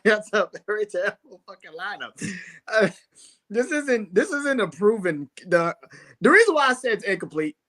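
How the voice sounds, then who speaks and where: A man in casual sports talk who is blunt and swears freely, chuckling between his remarks. His voice sits a bit high and sounds bright and forward. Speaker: sports podcast co-host.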